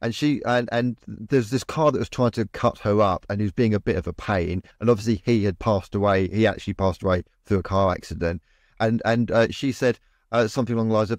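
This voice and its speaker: A man's voice: lowish voice, quick pace, no room sound, clean studio sound. A man, co-host and medium, telling a story in a rambling way with many restarts and repeated words. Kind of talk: casual storytelling in a podcast chat.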